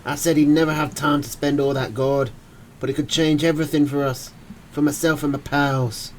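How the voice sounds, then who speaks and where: A man's voice: on the high side, flat delivery, normal speed, slight background noise, close to an everyday voice, rough recording. A man voicing a guilt-ridden young Irish immigrant, pleading breathlessly in an Irish accent. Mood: anguished pleading. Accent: put-on Irish.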